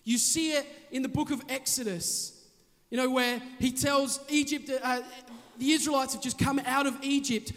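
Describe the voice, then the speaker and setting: A man preaching a sermon, telling a story with animated delivery and shouted calls. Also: extremely high pitch, normal speed. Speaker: pastor. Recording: long hall reverb.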